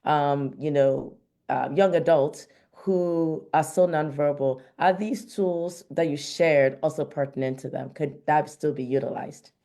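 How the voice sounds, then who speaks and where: Low-voiced woman hosting a Q&A. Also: measured pace, hardly any pauses, dark tone. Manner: encouraging, asks follow-up questions. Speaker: webinar host. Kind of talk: hosting an online Q&A.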